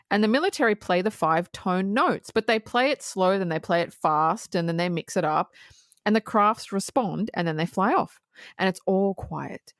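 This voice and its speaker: Animated, swearing woman podcast co-host. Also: medium pitch, no echo, clean studio sound. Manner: animated, swears freely, retells scenes with quoted asides. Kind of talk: casual film review chat.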